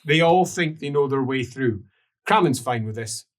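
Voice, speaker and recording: A man narrating a tabletop game as game master, in an unhurried, animated way. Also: mid-range voice.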